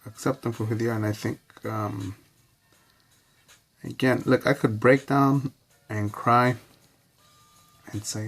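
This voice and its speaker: An adult man vlogging in a rambling, profane, reflective monologue full of pauses and fillers. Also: mid-range voice, steady tone, over music.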